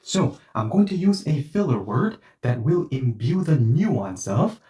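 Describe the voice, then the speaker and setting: A man's voice: medium pitch, a little slow, recorded from a distance. Male language teacher, chatty and explanatory, voice rising and falling a lot, recorded in an echoey room. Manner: explains through hypothetical scenarios, conversational and animated. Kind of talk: online language lesson. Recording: roomy echo, voice set back from the mic.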